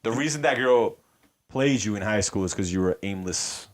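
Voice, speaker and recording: Deep-voiced male podcast co-host, laid-back, rambling, casual and profane. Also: normal speed. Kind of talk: casual chat.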